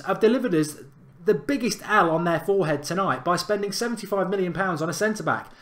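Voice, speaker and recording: Guy hosting his fan channel, fired-up football rant, a bit high-voiced, keeps hammering the same point. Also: very animated, quick pace, fairly bright tone. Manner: emphatic, indignant, repeats points for effect.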